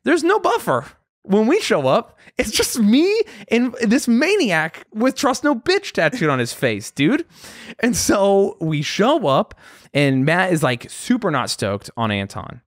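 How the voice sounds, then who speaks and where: A young adult man, a guest comedian, telling a story in casual chat, animated and swearing freely as he acts out voices. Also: sits high, unhurried, no room sound, studio quality.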